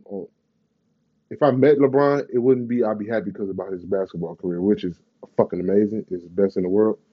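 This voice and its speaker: A man's voice: fairly low pitch, slightly rough, dull audio. A man, ranting in a profane, rambling, slang-heavy way in a casual vlog. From Bay Area, California. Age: 30s.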